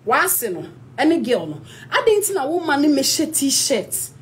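A Ghanaian-accented woman delivers a heated, scolding rant, moving between English and Twi. Her voice sits fairly high and swings up and down a lot as she presses her point. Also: sing-song, measured pace. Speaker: actress. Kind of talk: heated social media rant.

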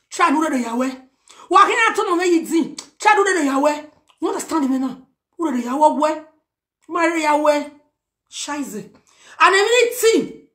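A woman with a Nigerian accent delivering a heated, animated message to camera, mixing pidgin with a local language. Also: high voice. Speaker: social media personality. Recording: roomy echo.

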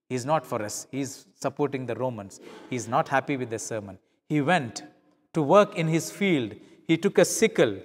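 A man's voice: fairly high pitch, long reverb tail. A middle-aged male pastor preaching a sermon, telling stories and acting out the dialogue in changing voices. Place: church.

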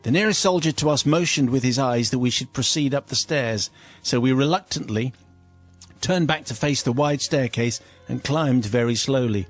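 A British radio host reads out a listener's funny story, sounding lively and amused and putting on playful voices for the quotes. His pitch is medium, his pace normal, and faint music plays behind him.

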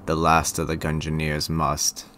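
A man voicing a grave male narrator, reading a game's dark opening legend slowly and solemnly. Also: rumbling low, monotone, a little hiss or hum, pitched below the performer's own voice. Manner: slow, solemn dramatic reading.

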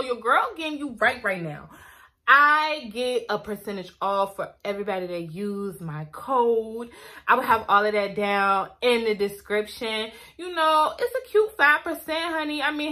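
A young woman beauty vlogger chatting excitedly to camera, calling her viewers y'all, girl and honey. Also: on the high side. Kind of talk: casual chat to camera.

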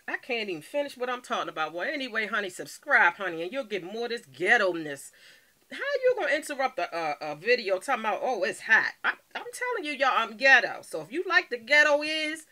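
A woman's voice: mid-range voice, pushed and bright. A woman vlogging casually from home to her viewers, playful and calling everyone honey. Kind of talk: casual video chat to viewers.

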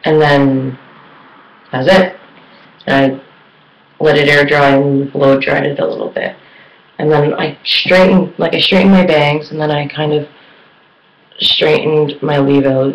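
A woman chatting casually in a beauty vlog, rambling with lots of fillers. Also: extremely low pitch. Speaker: beauty vlogger. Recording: echoey room.

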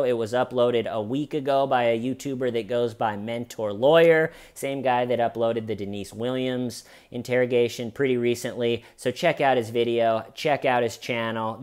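Man with a smooth, resonant voice. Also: mid-range voice, normal speed, hardly any pauses. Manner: sarcastic, animated storytelling with jabs. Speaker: true-crime commentary host. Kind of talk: comedic true-crime commentary.

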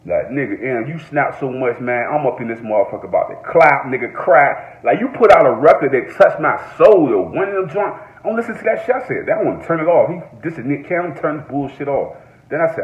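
A man giving an excited, profane reaction rant in a casual vlog, repeating his exclamations over and over. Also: mid-range voice, fairly quick. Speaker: reaction vlogger. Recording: echoey room, phone-like sound.

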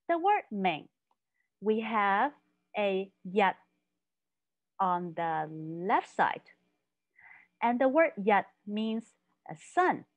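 A woman teaching a language lesson, explaining patiently and repeating phrases slowly. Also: a little high, no room sound, lo-fi sound. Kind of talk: slow, careful language lesson.

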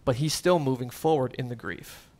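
A man's voice: medium pitch, normal speed, darkish tone. A man preaching a sermon as pastor, earnest and conversational, with casual asides and fillers.

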